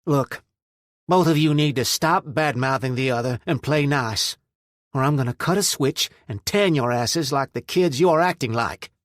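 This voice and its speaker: Here a man plays a stern but loving mother in a scolding mood, firm and chiding. His fairly high pitch is raised above his natural register yet sounds natural, delivered at a moderate pace in a clean studio with no room sound.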